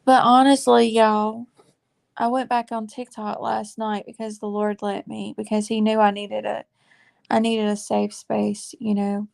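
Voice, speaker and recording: Gravelly-voiced woman in her forties, earnest testimony. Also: mid-range voice, completely flat delivery, darkish tone. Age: 40s. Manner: earnest and confiding, says y'all, halting with fillers. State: close to tears. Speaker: faith vlogger. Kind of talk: heartfelt testimony vlog.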